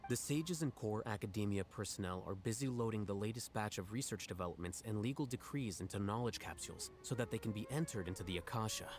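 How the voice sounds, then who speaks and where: A man's voice: on the low side, animated, fast, hardly any pauses, faint music behind, natural voice. Man voicing a dry, composed scholar. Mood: explaining. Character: calm aloof male scholar, dry and matter-of-fact. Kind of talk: video game dialogue.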